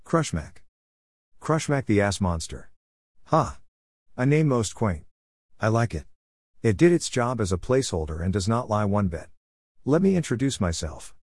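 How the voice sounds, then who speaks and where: A man's voice: fairly low pitch, sing-song, normal speed, long pauses, a little mellow, dry recording, studio quality. A man voicing a scheming, boastful male affliction spirit who mocks and gloats in a storybook tale. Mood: gloating.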